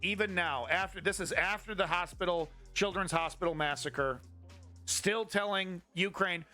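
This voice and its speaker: A man hosts a live-streamed political commentary show in a fairly high, bright voice. He rants with heavy profanity and biting sarcasm, while faint music plays underneath. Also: normal speed, no echo. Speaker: host.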